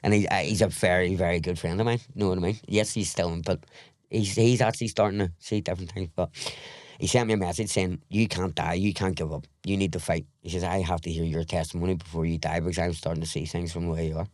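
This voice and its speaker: A man's voice: deep voice, steady tone, fast talker, a little mellow, dry recording, studio quality. A middle-aged man with a Northern Irish accent, talking frankly and at length as a podcast guest, rambling through his story and acting out old conversations. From Northern Ireland. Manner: rambling, frank, swears, retells scenes in dialogue. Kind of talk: candid interview storytelling.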